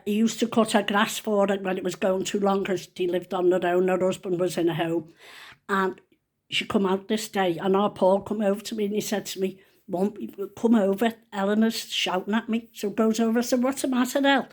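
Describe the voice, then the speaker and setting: A vlogger in her seventies, she talks to camera with flat delivery at a moderate pace, her medium-pitched voice darkish. The stories are funny, told casually in a chatty, rambling, down-to-earth manner.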